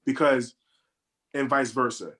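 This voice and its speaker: A man's voice: medium pitch, steady tone, measured pace, pushed and bright. A man co-hosting a casual film-review chat over a video call, repeating words as he builds his argument. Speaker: podcast co-host reviewing a film. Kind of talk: casual group discussion.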